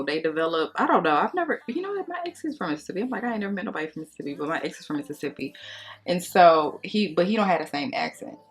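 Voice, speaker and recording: A woman's voice: medium pitch, slight background noise. A young woman, chatting and gossiping casually while doing her makeup for a beauty vlog. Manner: chatty, gossipy, slangy and expressive. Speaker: beauty vlogger. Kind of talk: casual storytime during a makeup tutorial.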